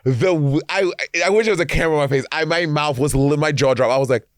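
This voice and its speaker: A man's voice: on the high side, fast, no echo, clean studio sound. A man co-hosting a podcast, chatting casually and telling stories, with frequent stammered restarts and laughs. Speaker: podcast co-host. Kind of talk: casual chat.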